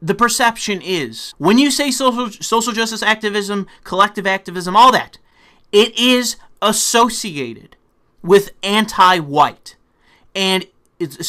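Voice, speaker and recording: A young man delivering an angry, profane political rant as a commentator, breaking into shouting bursts. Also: high voice, animated, a little slow.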